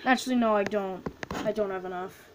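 A woman casually commenting as she opens loot boxes in a video game, excitable and quick to chant names and squeal over items. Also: mid-range voice, heavy background noise. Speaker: gaming video host.

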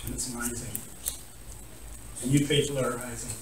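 A man's voice: medium pitch, fairly even intonation, fairly quick, a little hiss or hum. Man, guest preacher, emotional testimony, distant mic in reverberant church hall. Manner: emotional, laughing at himself, acts out quoted voices. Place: church sanctuary. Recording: echoey church hall from far off.

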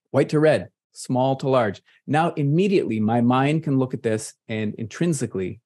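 A man from Michigan with a Midwestern American accent, presenting a casual, playful software tutorial over a video call. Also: mid-range voice. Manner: playful, nerdy asides, chatty and relaxed. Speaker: presenter at an online meetup. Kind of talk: casual screen-share tutorial. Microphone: computer mic on a video call.

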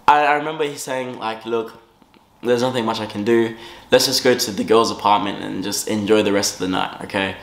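A young man telling a casual story-time tale in an animated way, swinging between loud bursts and low asides. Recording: roomy echo.

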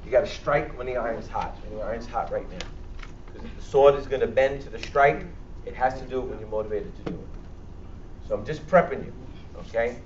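A man's voice: medium pitch, a little fast, a little hiss or hum. A man with a Bronx accent leading a church health workshop, talking bluntly and joking with his audience. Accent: Bronx New York. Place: church hall, speaking to a live audience. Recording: echoey hall, distant and dull.

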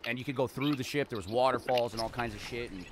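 A man's voice: medium pitch, fast talker, background noise. A Canadian man chatting casually and profanely with strangers while gaming. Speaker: streamer.

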